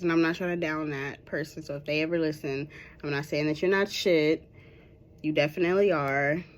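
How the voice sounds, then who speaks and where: A young woman, hosting a candid solo podcast, telling a story in a frank, profane way and laughing often. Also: on the low side. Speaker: podcast host.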